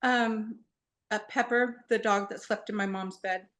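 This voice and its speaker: A woman's voice: medium pitch, steady tone, unhurried, fairly bright tone. Woman client giving brief replies.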